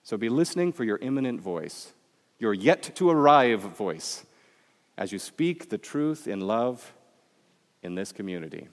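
A man preaching a chapel sermon, moving between emphatic lines and hushed, quiet ones. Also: lowish voice, moderate pace. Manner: expressive, swings between emphatic and hushed delivery. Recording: long chapel reverb.

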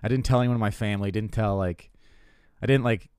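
A man's voice: on the low side, quick pace, darkish tone, smooth, dry recording, clean studio sound. A man in his twenties, a comedian and host, telling stories in a rambling, profane, self-mocking way, full of restarts. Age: 20s. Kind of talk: casual comedic monologue.

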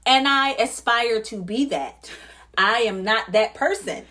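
A woman co-hosting a casual talk show, animated and quick to laugh, often acting out what people say. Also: fairly high pitch. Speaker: podcast co-host. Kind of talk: casual chat.

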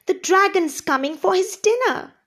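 A squeaky little gnome, timid and trembling, cries out in a high voice, put on by a woman reading aloud. He talks slowly, in a storybook. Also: a little mellow. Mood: frightened. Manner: trembling, crying out.

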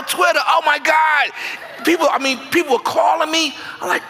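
A man preaching as a guest pastor, telling comic stories in an animated, self-mocking, conversational way. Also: very high voice, normal speed, vocal fry, shouting, in a large hall. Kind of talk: sermon with comic storytelling. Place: church sanctuary.

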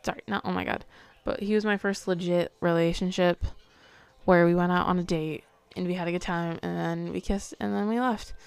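Soft-spoken teenage girl, clear voice. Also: lowish voice, steady tone, fairly quick, dry recording. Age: teens. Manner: hesitant, soft-spoken, often trailing into a whisper. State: tired, yawning. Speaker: podcast host. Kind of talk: confessional late-night monologue.

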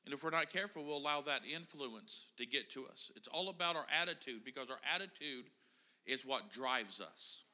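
A man's voice: medium pitch, animated, fairly quick, bright, forceful tone. A middle-aged man preaching a casual sermon in a church, chatting and joking with the congregation. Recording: church hall reverb.

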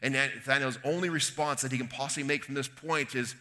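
A man's voice: mid-range voice, steady tone, a little fast, few pauses, sharp tone. A man from Canada preaching a conversational sermon, retelling a Bible story with folksy asides and quoted voices. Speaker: pastor.

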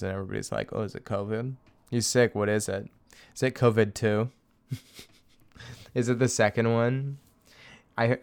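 A man's voice: on the low side, gravelly, clean tone. A young man rambling through a crude comedic rant on his own, chuckling and swearing as he goes. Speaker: podcaster. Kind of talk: casual solo comedic rant.

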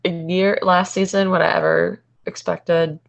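Low, gravelly-voiced woman chatting. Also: a little slow. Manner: relaxed, retells scenes with quotes. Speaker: podcast co-host. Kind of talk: casual reality-TV recap chat.

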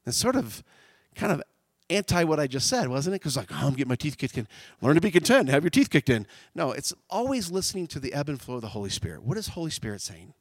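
A man preaching a sermon, animated, swinging from loud shouts down to quiet, intimate tones. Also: on the high side, fast talker, slightly rough, dry recording.

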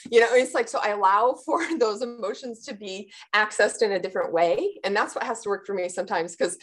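A woman talking in a casual interview, explaining her work with athletes in a lively way, often acting out what her clients say and laughing. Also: mid-range voice, fairly quick, hardly any pauses. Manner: animated, acts out clients' voices, laughs often. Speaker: sports performance practitioner.

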